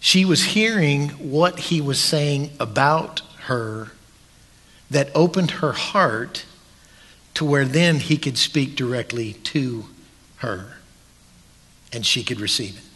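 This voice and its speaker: Male pastor preaching slow n emphatic, kinda husky, big church echo. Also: medium pitch, pushed and bright. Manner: deliberate, emphatic preaching with drawn-out pauses. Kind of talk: sermon. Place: church sanctuary. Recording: long church hall reverb.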